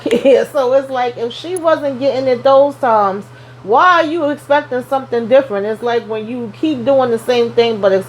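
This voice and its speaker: A woman's voice: a little high, a little hiss or hum, rough recording. Sassy chatty woman recapping a show. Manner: chatty and sassy, lots of slang asides. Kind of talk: casual recap vlog.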